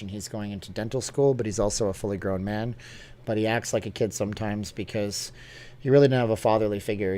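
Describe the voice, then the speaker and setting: A man's voice: lowish voice, darkish tone. Chatty middle-aged man live-streaming. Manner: chatty, upbeat, answers viewer questions. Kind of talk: casual live-stream chat. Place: studio.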